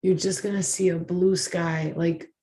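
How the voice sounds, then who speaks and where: Low mellow-voiced woman reading tarot. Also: flat delivery, measured pace. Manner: emotional, effusive, dramatic, swears. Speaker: tarot reader.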